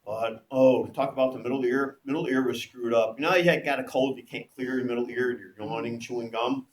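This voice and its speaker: A man teaching a class, telling a story in an animated way and acting out the voices of the people in it. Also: mid-range voice, fairly quick. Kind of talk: classroom lecture with anecdotes. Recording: echoey room with faint background noise.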